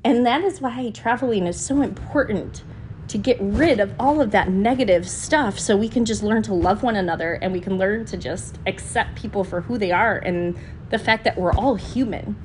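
A woman hosts her own podcast in a relaxed, open-hearted way. She speaks earnestly and is quick to be moved, and she scatters "you know" through her sentences. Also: medium pitch, slight background noise. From United States. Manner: heartfelt and earnest, often emotional, many "you know" fillers. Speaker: podcast host. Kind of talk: casual podcast monologue.

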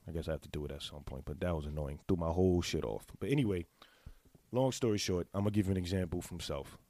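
A man in a casual, candid monologue, talking straight to his viewers in blunt, profane slang and clearing his throat now and then. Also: deep voice, fast, dark tone, no room sound. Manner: confessional, speaks to the audience directly. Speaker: vlogger giving sex advice.

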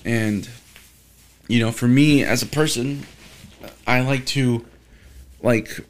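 A young man in a mid-pitched voice holds forth alone on his podcast. He rambles, swears freely and keeps breaking off to restart his thoughts, sounding frustrated. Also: fairly even intonation, slow pace. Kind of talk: casual solo podcast monologue.

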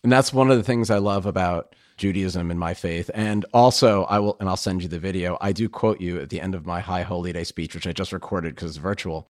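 An earnest male host with a very deep voice, speaking emphatically and often circling back to restart his thoughts. The sound is dry and close, with no room around it. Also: fairly quick, few pauses, darkish tone, no room sound. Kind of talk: casual conversation.

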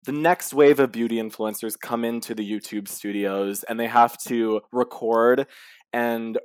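A man in his twenties co-hosting a podcast in casual chat, wry and quick to laugh. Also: medium pitch, fairly even intonation, clear, resonant tone, no room sound, studio quality. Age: 20s. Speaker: podcast co-host. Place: indoors at home.

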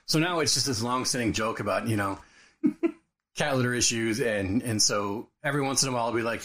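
A middle-aged man co-hosting a podcast, telling family stories in a lively way, acting out voices and laughing often. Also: medium pitch, fairly quick. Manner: animated storyteller, acts out quotes, laughs often. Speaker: podcast co-host. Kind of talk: casual storytelling chat.

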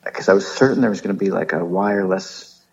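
A middle-aged man talking quietly as podcast co-host, telling a story over a remote call. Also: deep voice, quick pace, breathy edge, highs cut off. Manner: hushed, storytelling with put-on voices. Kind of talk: casual chat. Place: condo computer room. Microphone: remote call with headphones.

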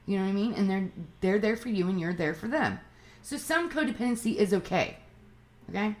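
A woman with a Southern US accent giving relationship advice in a blunt, profane, emphatic casual monologue. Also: lowish voice. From Southern United States.

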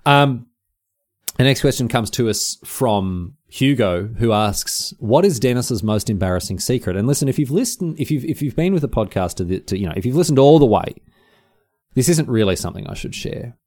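A man's voice: mid-range voice, moderate pace. A man with an Australian accent, hosting a podcast in casual, chatty talk and answering listener questions. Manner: lively, exclaiming, chatty. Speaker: podcast host.

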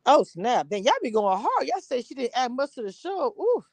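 A woman's voice: high-pitched, sing-song, no echo, rough recording. Livestream host, woman from Louisiana, sassy and teasing, on a phone in a dry, close sound. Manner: sassy, playful, teasing, quick to laugh. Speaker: reality TV reviewer, livestream host. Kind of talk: casual livestream chat with viewers. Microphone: phone with headphones.

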